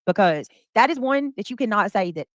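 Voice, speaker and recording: A woman's voice: mid-range voice, expressive, fairly quick, no room sound. A woman hosting a casual commentary chat, talking bluntly with lots of slang and swearing. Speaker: host.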